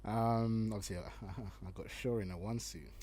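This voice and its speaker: A man's voice: on the low side, fairly even intonation, normal speed, dark tone. A young man from the UK, hosting a casual solo podcast, slangy and laughing often as he reads out tweets. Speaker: podcast host.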